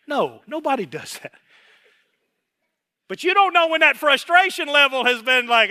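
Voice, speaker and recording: A middle-aged man preaching a sermon as pastor, animated, acting out voices and quotes as he goes. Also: extremely high pitch, moderate pace, long pauses. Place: worship hall.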